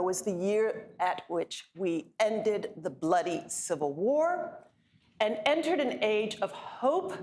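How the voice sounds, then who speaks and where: A woman's voice: medium pitch, creaky. Woman giving a gracious university lecture. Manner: warm, gracious, with light self-deprecating humor. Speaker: guest lecturer, law school dean. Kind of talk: public lecture. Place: university event hall.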